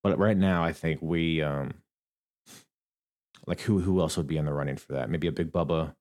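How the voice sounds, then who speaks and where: Man, deep low voice, young adult, solo podcast host, casual rambling commentary, lots of um and restarts. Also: steady tone, normal speed, darkish tone. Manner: rambling, thinks aloud with fillers and restarts.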